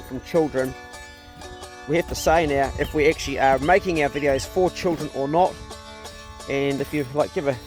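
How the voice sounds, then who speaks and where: A middle-aged man chatting casually outdoors on a farm, talking to his dogs and laughing at himself. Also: mid-range voice. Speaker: farm vlogger. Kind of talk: casual vlog chat.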